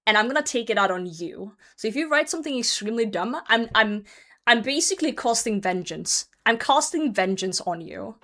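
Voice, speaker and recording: A woman with a fairly high, expressive voice and a brisk, sharp tone streams a game. She chats casually with her viewers, teases them, laughs a lot, and swears freely.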